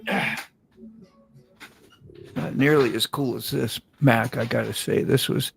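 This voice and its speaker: A man's voice: medium pitch, steady tone, takes it slowly, gravelly, slight background noise, rough recording. A man hosting a casual chat in a laid-back way, full of "you know" and "man". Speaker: show host.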